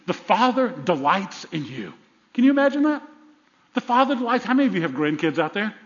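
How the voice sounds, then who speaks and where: An older man preaching a sermon to a congregation, lively and conversational, dropping to a soft whisper for tender lines. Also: high voice, a little fast. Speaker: pastor. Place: church sanctuary. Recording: muffled sound with long reverb in a large hall.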